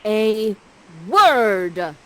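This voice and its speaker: A woman playing Prospera, an imperious, manipulative sorceress mother who declaims verse slowly and grandly. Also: medium pitch, very animated, a little hiss or hum, full character voice. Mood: commanding. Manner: slow, loud, grandly theatrical verse.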